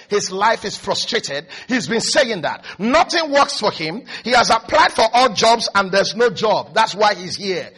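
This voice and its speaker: A male pastor delivering an energetic televised sermon, swinging from hushed to shouting. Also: high-pitched, breathy edge.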